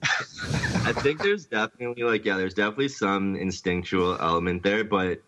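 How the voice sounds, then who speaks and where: Deep-voiced Canadian man, rambling chat. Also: moderate pace, sharp tone. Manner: rambling, heavy use of "like". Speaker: podcast guest. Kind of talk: casual chat. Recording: dull lo-fi sound.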